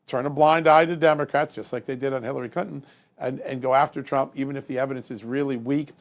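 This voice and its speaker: A man's voice: medium pitch, steady tone, fast. A man giving emphatic political commentary as a guest, building his points with rising force.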